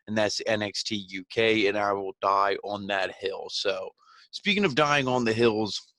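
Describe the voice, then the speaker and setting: A man hosting a podcast, giving a relaxed, rambling, conversational recap of a wrestling show. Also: fairly low pitch, dry recording, clean studio sound. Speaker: podcast host.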